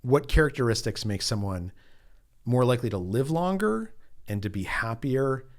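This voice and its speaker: A middle-aged man, an author being interviewed, telling a story in an animated, chatty way with lots of casual fillers. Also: medium pitch, normal speed. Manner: animated storyteller, acts out quotes, frequent "like" fillers. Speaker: author and journalist guest.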